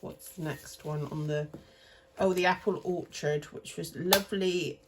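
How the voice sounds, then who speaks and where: A woman in her thirties, a cash stuffing vlogger, chats casually while budgeting, rambling and correcting herself as she sorts cash into envelopes. Her voice is fairly low and steady, at a measured pace, with some background noise.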